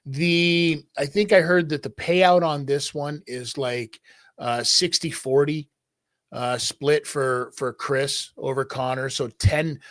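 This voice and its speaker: A man hosting a boxing podcast, talking in a wry, unhurried way. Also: fairly high pitch, dry recording, clean studio sound. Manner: unhurried, wry, drawn-out phrasing. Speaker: podcast host. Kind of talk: casual boxing podcast chat.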